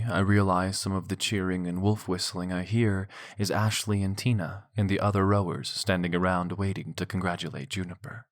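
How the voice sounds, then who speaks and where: A man narrating a romance audiobook in the first person, intimate with soft breathy passages. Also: deep voice. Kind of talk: scripted narration of a romance novel.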